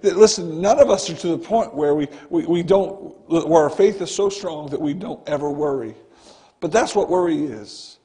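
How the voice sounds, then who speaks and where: Gravelly-voiced man preaching a sermon. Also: high voice, mellow. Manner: earnest, conversational preaching, often starting with "listen". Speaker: pastor. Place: church sanctuary.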